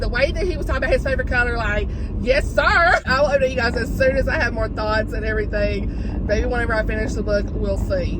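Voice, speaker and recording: A woman's voice: fairly high pitch, background noise. A woman vlogging casually into her phone camera at home, gushing and laughing about a book. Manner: gushing, emotional, laughs often, says like a lot. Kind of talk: casual reading vlog to camera. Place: at home indoors.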